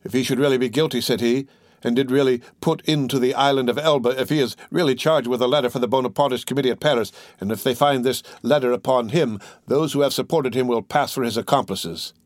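A man's voice: mid-range voice, fast, no echo, studio quality, natural voice. A man voicing a remorseful, cowardly innkeeper who confesses his past in a self-pitying way in a storybook reading. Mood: confessing. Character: remorseful, cowardly middle-aged male innkeeper.

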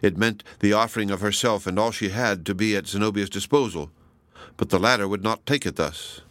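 Low-voiced male audiobook reader. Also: brisk, a bit bright, dry recording. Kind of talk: scripted narration.

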